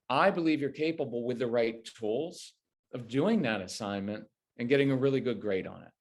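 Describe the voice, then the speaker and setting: A man talks through parenting advice as an interview guest. His voice sits at an ordinary pitch for a man. He is animated and slips into quoted parent lines as he explains. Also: normal speed.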